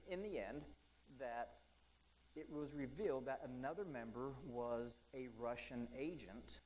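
A man preaching a conversational sermon, chatty and full of ums and asides, who slows down to read scripture aloud. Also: medium pitch, darkish tone, a little hiss or hum, low-quality recording.

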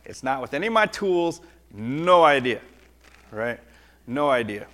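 A middle-aged man giving a lively, conversational children's sermon, often asking the kids "right?". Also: mid-range voice, a little slow.

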